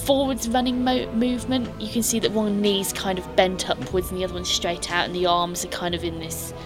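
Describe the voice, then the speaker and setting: A woman's voice: mid-range voice, flat delivery, fairly quick, over music. A woman, running a tabletop game as game master and describing scenes in detail. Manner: descriptive, restarts and fillers while narrating.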